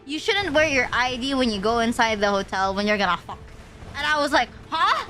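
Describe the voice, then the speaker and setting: A woman's voice: fairly high pitch, very animated, a little fast, sharp tone, faint music behind. A young woman streamer from the Philippines, rambling through a story in casual chat, swearing often and saying "like" a lot. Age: young adult.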